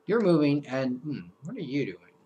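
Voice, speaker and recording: A man's voice: fairly high pitch, very animated, normal speed, warm tone, dull audio, a little hiss or hum. A young man hosting a let's play, giving casual, playful commentary that trails off into mumbled asides.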